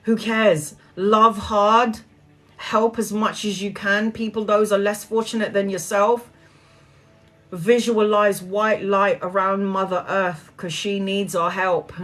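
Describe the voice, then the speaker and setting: A woman speaking earnestly to viewers in a casual spiritual talk, preachy and quick to laugh. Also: mid-range voice, level tone, fairly bright tone. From Brazilian heritage.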